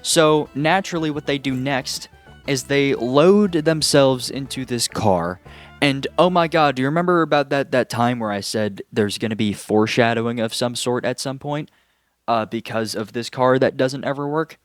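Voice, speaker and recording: A man recapping a film in a casual, exasperated and sarcastic way, often pausing to ask "okay?". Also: medium pitch, soft background music. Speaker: movie reviewer.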